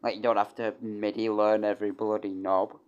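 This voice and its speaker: A man's voice: fairly low pitch, flat delivery, fairly quick, a little mellow, clear, resonant tone, lo-fi sound. Brief: young man, casual streamer, rambling and swearing, many restarts. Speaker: streamer and composer. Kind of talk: casual livestream chat.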